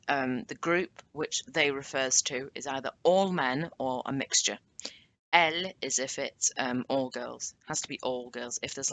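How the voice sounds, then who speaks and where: A woman giving a casual language lesson, chatting and correcting herself as she sounds out example phrases slowly. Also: rumbling low, fairly bright tone. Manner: chatty, self-correcting, drawn-out French examples. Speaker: language teacher.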